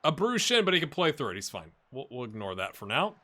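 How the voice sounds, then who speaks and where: A Scottish man hosting a casual let's-play from his home office, chatty and excitable, bursting into loud commentary when the match heats up. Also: fairly high pitch, normal speed. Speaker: gaming channel host. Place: home office with a blue screen.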